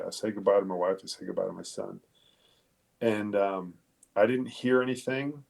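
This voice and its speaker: A middle-aged police detective from Long Island, New York, tells his story in a casual interview, speaking haltingly and profanely with many fillers and restarts. His voice is fairly low, creaky, and a little mellow.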